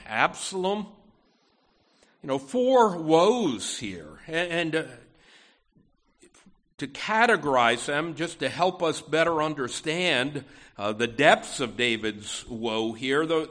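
A man preaching a sermon, halting often with fillers and restarts as he works through a psalm. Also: a little high, a bit bright. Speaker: pastor.

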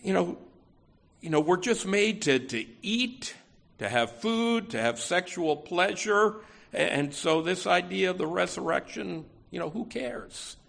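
Slow, gravelly-voiced male preacher. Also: high voice, animated, fairly bright tone. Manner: conversational preaching with frequent "you know" and restarts. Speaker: pastor. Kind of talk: expository sermon.

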